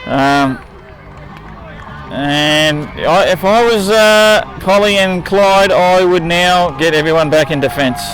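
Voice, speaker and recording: A man with a slightly raised voice offers halting analysis beside the play caller. He restarts his thoughts as he goes, with faint music behind him. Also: high voice, fairly bright tone, some chatter behind, poor audio. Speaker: color commentator. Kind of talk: sports commentary.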